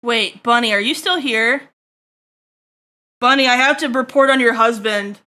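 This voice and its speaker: A woman's voice: fairly high pitch, unhurried, bright, forceful tone. A woman livestreaming while she draws, chatting with her viewers in a crude, joking way. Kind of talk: casual stream chat while drawing.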